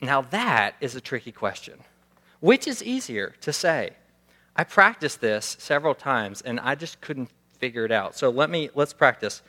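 A man's voice: mid-range voice, very animated, moderate pace, bright, forceful tone. A male pastor giving a conversational sermon, acting out little scenes as he preaches. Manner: conversational, acts out scenes with raised voice.

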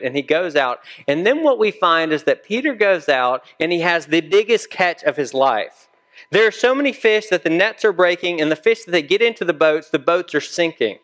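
A man's voice: on the high side, expressive, normal speed, fairly bright tone. A man preaching a sermon in a conversational storytelling way, acting out the dialogue of the people in his story. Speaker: pastor.

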